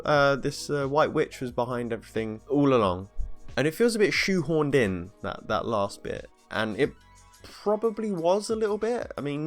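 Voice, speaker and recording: A man narrating a casual game review as a voice-over, with wry, sarcastic asides. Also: medium pitch.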